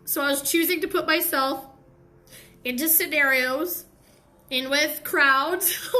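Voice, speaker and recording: A woman's voice: high-pitched, pushed and bright. A young woman hosting a live stream, giving a candid, heartfelt motivational talk with slangy asides.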